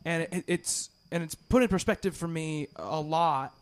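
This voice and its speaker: A man's voice: on the high side, moderate pace. A man hosting a podcast in casual chat, rambling with many restarts and fillers. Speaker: podcast host.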